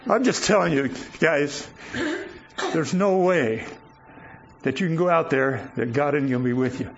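A man's voice: fairly high pitch, animated, measured pace. An older man giving a guest sermon, telling personal stories in a folksy, chuckling way. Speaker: guest preacher. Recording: dull lo-fi recording with faint noise.

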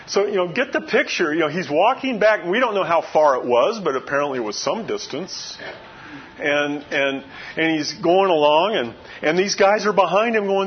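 A man's voice: a little high, lively intonation, measured pace, slightly rough, muffled recording. A man preaching a sermon, retelling a story in a loose, conversational way with frequent asides. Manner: conversational storytelling with many "you know" asides. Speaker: pastor.

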